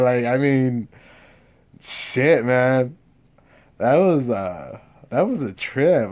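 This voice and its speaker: A man's voice: mid-range voice, animated, slow. A young man talking in a casual, rambling monologue, swearing freely and losing his train of thought. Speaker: vlogger.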